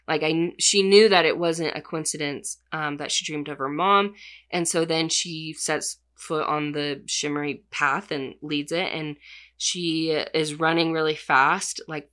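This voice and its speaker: Bright, chatty woman retelling a story. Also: deep voice. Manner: chatty, filler-heavy, says "like" constantly. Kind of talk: casual plot retelling.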